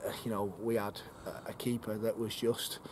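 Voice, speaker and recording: A man's voice: lowish voice, flat delivery, normal speed. A man, a football club manager giving a frank, rambling post-match interview outdoors on a freezing night, swearing casually. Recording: noisy outdoor ambience.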